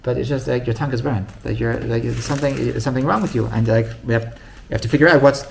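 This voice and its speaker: A man's voice: medium pitch, fast, vocal fry, slight background noise. A man, a rabbi, telling a story in a casual, rambling way with many restarts. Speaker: rabbi teaching.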